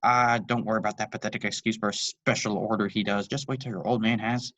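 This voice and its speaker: A man voicing an excitable, goofy middle-aged father who cooks clumsily, talking eagerly and upbeat. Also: fast talker, no room sound, muffled recording, lightly acted. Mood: eager cheerful. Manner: eager and upbeat, squeaky when hurt.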